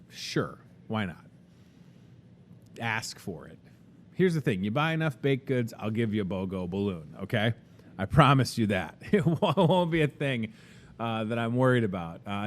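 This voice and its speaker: A young man with a Midwestern American accent hosting a casual store promo, chatty and upbeat with joking sales patter. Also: mid-range voice. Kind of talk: casual live promo talk.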